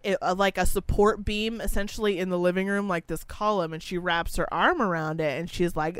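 A young woman telling a story in a casual chat, with a blunt, profane and animated way of talking. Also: mid-range voice, moderate pace, clear, resonant tone, no echo.

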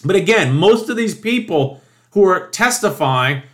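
A man's voice: high-pitched, animated, a little slow. A man delivering an indignant, profanity-laced political opinion monologue, emphatic and mocking. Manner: mocking quoted voices. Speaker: political commentator.

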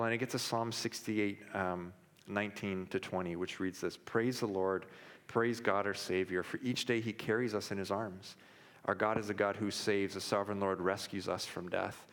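A man in his thirties delivers a sermon in a fairly low voice, sharing candid personal stories with plenty of restarts and fillers. His words ring out with a long reverb, as in a large hall. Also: a bit bright. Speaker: pastor.

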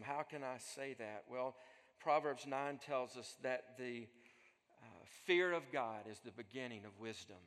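Slow-spoken male pastor in a hall. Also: mid-range voice. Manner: slow, earnest preaching that swells and then falls soft. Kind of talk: sermon. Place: church. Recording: long echo of a large hall.

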